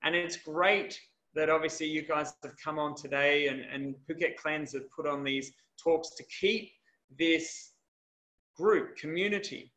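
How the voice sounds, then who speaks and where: A man's voice: on the high side, measured pace, sharp tone, echoey room. A man, a health and wellness coach, giving an earnest, conversational coaching talk over a video call.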